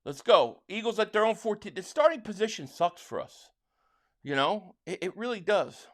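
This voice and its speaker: A Philadelphia man hosts a live football watch-along, excitedly calling plays and reading out viewer chats, and he stammers whenever he restarts. His voice sits high and his pace is moderate. He's a livestream host and a fan.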